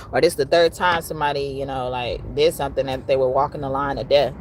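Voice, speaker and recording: A woman's voice: extremely low pitch, steady tone, fairly quick, few pauses, a little hiss or hum. A woman giving a casual tarot reading, talking bluntly with profanity and frequent laughter. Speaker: tarot card reader.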